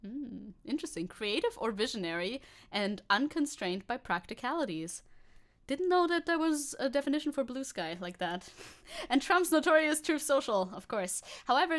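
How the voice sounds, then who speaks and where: A woman's voice: on the high side, sing-song, normal speed. A young woman streaming casually, reading news aloud and reacting with chatty, giggly asides.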